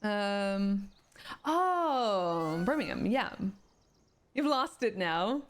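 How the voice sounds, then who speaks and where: A woman's voice: medium pitch, expressive, extremely slow, slight background noise. Swedish woman chatting with stream viewers. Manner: reads viewer comments aloud and answers them chattily. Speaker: game streamer. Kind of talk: casual chat with live viewers.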